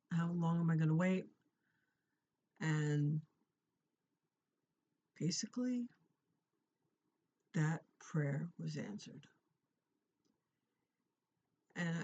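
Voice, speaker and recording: A middle-aged vlogger shares a personal prayer testimony in an earnest, conversational way. Phrases are often repeated and restarted. The audio is a little dull and lo-fi, and the pitch sits in a middle range. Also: a little mellow. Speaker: Christian encouragement vlogger. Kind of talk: personal testimony and faith encouragement.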